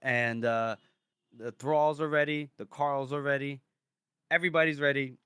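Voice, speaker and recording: A man's voice: mid-range voice, fairly even intonation, normal speed, a bit bright, clear, resonant tone, dry recording, studio quality. A man co-hosting a podcast, giving a loose, laughing recap of a book's plot in casual chat. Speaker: podcast co-host. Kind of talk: casual book discussion.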